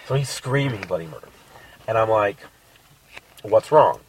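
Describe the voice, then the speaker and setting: A fairly low male voice tells a crude personal story in loose, swearing podcast chat. He sits a bit back from the mic. Faint noise and clicks run underneath. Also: normal speed, far from the mic, low-quality recording. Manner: crude, animated, acts out quotes.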